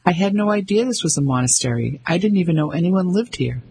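A husky-voiced man reading the lines of a frightened young woman who apologizes and stammers. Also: lowish voice, animated, fast talker, a little mellow, exaggerated voice. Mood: apologetic. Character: frightened drenched young woman seeking shelter.

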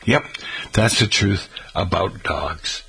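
A man's voice: low voice, takes it slowly, creaky, bright, forceful tone, breathy edge, rough recording. A male radio host chatting casually and folksily with his listeners.

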